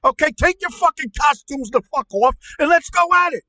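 A man doing a high, shouting angry uncle. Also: expressive, fairly quick, exaggerated voice, low-quality recording. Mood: furious. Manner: yelling, profane, repetitive stammering rant. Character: loud ranting angry middle-aged uncle. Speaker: comedy podcast character.

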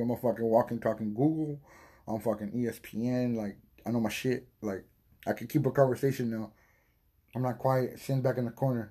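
A man hosting a podcast, rambling and swearing in a casual monologue while high and coughing from smoking. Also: warm tone, slightly rough. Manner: rambling, profane, loses his train of thought. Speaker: podcast host.

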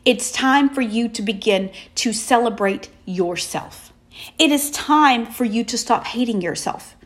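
Emphatic woman giving faith-based encouragement. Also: a little high. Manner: emphatic, repetitive affirmations with drawn-out pauses. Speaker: motivational speaker. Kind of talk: faith-based motivational talk.

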